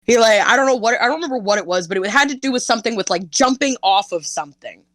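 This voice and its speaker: A young woman chatting as a podcast guest, telling stories in an animated way, laughing often and swearing freely. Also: fairly high pitch, quick pace, no room sound. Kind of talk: casual interview chat.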